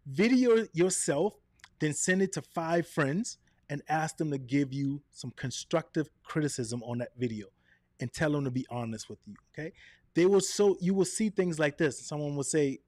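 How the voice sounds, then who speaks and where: An energetic man leads a live online workshop, his voice sitting a little high and swinging up and down on purpose. He is direct and quick, checking in with his viewers often. The sound is dry and close, with no room around it. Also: no echo. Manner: direct, often asks "right?" and "okay?". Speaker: presenter of a live video workshop. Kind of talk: live online coaching session.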